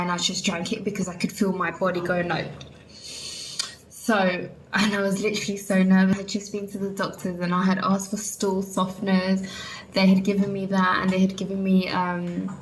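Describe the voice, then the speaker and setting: A woman's voice: mid-range voice, a little hiss or hum, poor audio. A young woman from England, chatting candidly to viewers and saying "like" and "literally" a lot. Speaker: vlogger. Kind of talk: casual chat.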